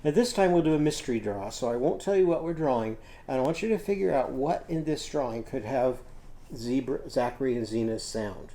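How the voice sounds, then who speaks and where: A man teaching a children's literacy lesson, patiently sounding out words slowly while he draws. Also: mid-range voice, expressive, dark tone.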